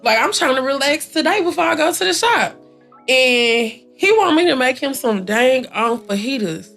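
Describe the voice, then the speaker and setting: A woman who is a guest on a podcast, chatting casually and telling lively family stories. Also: high voice, moderate pace, creaky, soft background music. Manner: lively storyteller, often acts out family members' lines. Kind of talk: casual chat.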